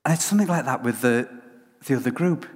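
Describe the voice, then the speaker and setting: A man's voice: medium pitch, fast talker. A man preaching a conversational sermon, telling stories with lots of restarts. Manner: animated storytelling with frequent restarts. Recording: long hall reverb.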